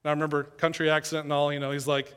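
Man, preacher from East Tennessee, somewhat high voice, conversational sermon, earnest and emphatic. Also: completely flat delivery, racing, fairly bright tone, clean tone. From East Tennessee, USA.

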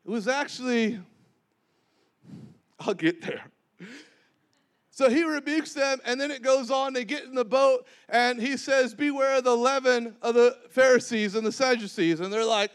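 Male preacher, very high voice, animated sermon delivery with acted-out scripture and call-and-response. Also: moderate pace, clear, resonant tone. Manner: animated, acts out scripture dialogue, calls for congregation responses.

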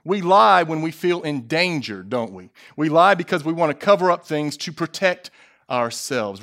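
A man preaching a sermon, his voice a little higher than most men's. He slows down hard on key lines and keeps asking the congregation questions. He throws in jokey asides. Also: fairly bright tone. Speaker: pastor.

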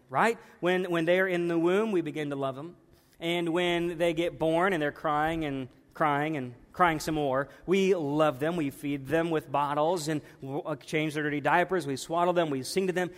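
A man's voice: high-pitched, in a large hall. A man in his thirties preaching a sermon in a church, conversational and emphatic, repeating his points.

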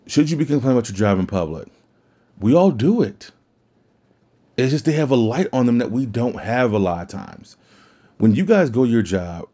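The podcast host here has a mellow, fairly low voice. His wrestling rant is loose and blunt, full of swearing, and the audio is dull and lo-fi.

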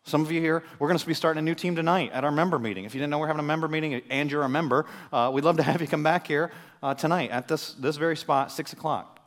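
A man's voice: a little high, quick pace. A man preaching a sermon as pastor, talking conversationally and with energy to his congregation in a church. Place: church sanctuary. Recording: long hall reverb.

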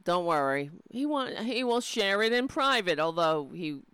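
A woman's voice: on the low side, sing-song, unhurried, fairly bright tone, smooth, no echo. Profane, ranting woman commentator. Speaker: political commentator reacting to clips. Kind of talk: angry reaction commentary.

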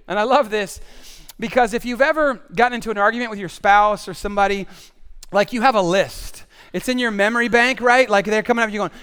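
A man preaching a sermon, animated and conversational, swinging between loud emphatic bursts and hushed, solemn passages. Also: sits high, brisk, clear, resonant tone. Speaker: pastor.

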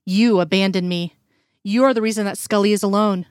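A woman's voice: mid-range voice, fairly even intonation, brisk, darkish tone, no room sound, clean studio sound, lightly acted. Bitter dead male agent, accusing and harsh; woman reader in her own voice.

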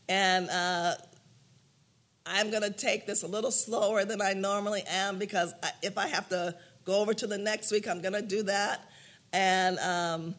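Bright, high-voiced older man teaching. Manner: animated storyteller, laughs often, acts out quotes. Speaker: prayer class teacher. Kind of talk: informal teaching with personal stories.

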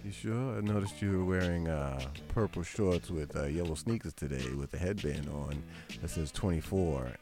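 A man's voice: low voice, moderate pace, hardly any pauses, music in the background. A man co-hosting a radio show, trading teasing banter about sports. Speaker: radio co-host. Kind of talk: casual sports chat.

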